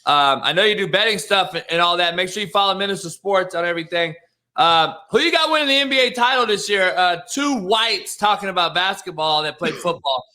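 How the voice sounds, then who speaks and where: A man's voice: sits high, animated, brisk, sharp tone. A man hosting a casual sports talk show, blunt and profane, firing off strong opinions.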